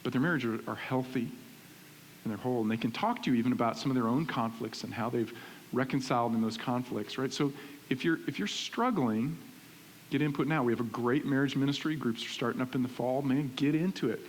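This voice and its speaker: A middle-aged male pastor preaching in a church, animated and conversational, often checking in with "right?". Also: mid-range voice, a little fast. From Texas. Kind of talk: sermon. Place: church sanctuary. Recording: reverberant church hall with faint hiss.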